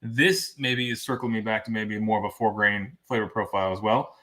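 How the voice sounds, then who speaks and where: A man's voice: lowish voice, a little fast. A man co-hosting a live whiskey tasting, talking in casual, joking banter. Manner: joking, animated and talkative.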